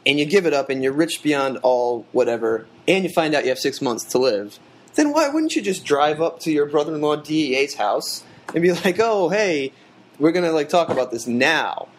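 A man chatting casually about a TV episode, quick and enthusiastic with lots of filler words. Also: on the high side, animated.

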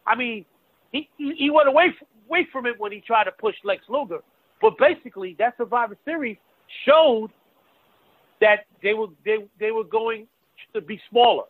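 A man's voice: extremely high pitch, normal speed, dry recording. A man co-hosting a casual wrestling talk show, emphatic and full of restarts. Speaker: wrestling podcast co-host. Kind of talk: casual chat. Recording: tinny phone-like line, dry.

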